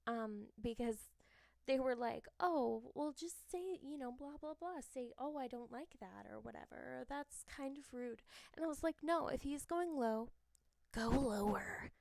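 A young woman hosts a podcast in a frank, laughing, storytelling manner and swears freely. Her voice sits a little high and carries a gravelly fry, and she takes her time. The recording is dry and close. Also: unhurried, darkish tone, dry recording. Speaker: podcast host. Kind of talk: casual confessional chat.

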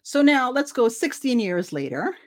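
Woman from Trinidad, forties, lively storytelling, acts out voices. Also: on the high side, normal speed. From Trinidad and Tobago. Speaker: guest storyteller. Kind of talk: casual storytelling.

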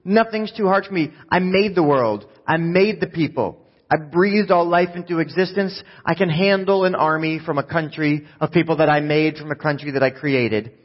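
A pastor putting on the voice of God, emphatic and declaiming, in a dull echoey hall. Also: male voice, fairly high pitch, moderate pace, pitched above the performer's own voice, lightly acted. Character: God, all-powerful, emphatic and confident.

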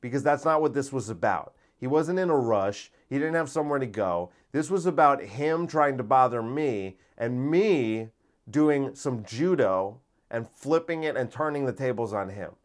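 A man hosting a podcast, telling a story in a casual, profane monologue that gets loud and giddy. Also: medium pitch, lively intonation, normal speed. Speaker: podcast host.

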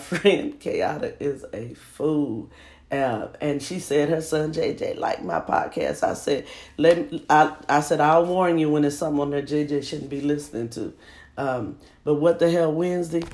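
Laughing chatty woman telling a story. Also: sits low. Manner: animated, laughing, playful exclamations. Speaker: podcast host. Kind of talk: casual storytelling monologue.

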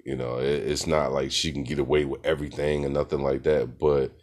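A middle-aged man with an exceptionally deep, low voice, telling a casual story. He speaks in a laid-back, rambling way, with frequent fillers and restarts. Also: little pitch movement, fairly quick, a little mellow. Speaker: podcast host.

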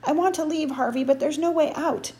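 Scared boy near tears, high pleading voice, read by a woman. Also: brisk, warm tone, lightly acted. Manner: panicky, pleading, raised voice.

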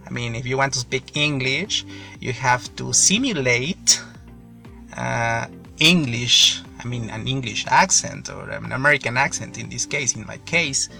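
A man's voice: mid-range voice, vocal fry, bright, forceful tone. A man from Mexico, a native Spanish speaker, giving a casual spoken English lesson in a rambling, repetitive way, stopping to explain words. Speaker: English learning podcaster.

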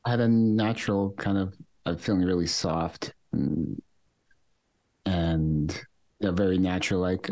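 A man with a very low, deep voice, speaking as a podcast co-host. He talks gently and slowly, staying open and contemplative, and lets his thoughts unfold softly in an intimate conversation. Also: no room sound. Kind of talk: casual reflective conversation.

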